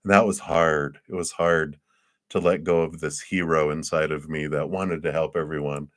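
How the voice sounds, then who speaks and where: Man, tarot reader, very deep voice, casual chatty live reading, laughs a lot, dry close sound. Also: flat delivery, moderate pace, no echo. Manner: chatty, laughs often, acts out quoted people.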